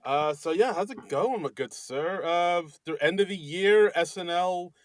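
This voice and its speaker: A man from New Jersey co-hosting a casual comedy podcast, chatty and laughing often, halting on his words. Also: sits high, no room sound. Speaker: podcast co-host.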